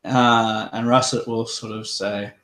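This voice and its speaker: A man narrating his character's actions in a tabletop game, halting and with fillers. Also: on the low side, flat delivery, a bit bright. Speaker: player.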